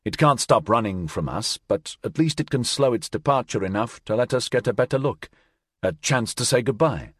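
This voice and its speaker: Man doing a calm earnest crewman, persuasive, husky, lively delivery, dry audiobook sound. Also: mid-range voice, moderate pace, dry recording. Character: calm reassuring male crewman.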